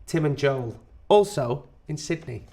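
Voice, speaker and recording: A man's voice: a little high, expressive, measured pace, warm tone. A man co-hosting a podcast, chatty and jokey in casual conversation. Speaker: podcast co-host. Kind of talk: casual chat.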